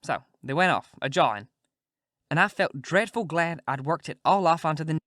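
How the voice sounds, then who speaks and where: A man's voice: on the high side, animated, moderate pace, a bit bright, no echo. A male audiobook narrator reading a first-person story in a folksy way, close to the mic.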